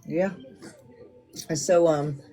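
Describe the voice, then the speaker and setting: A man hosting a podcast interview, giving brief sympathetic responses and asking deliberate questions. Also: on the high side, fairly even intonation, dark tone, faint music behind. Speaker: podcast host.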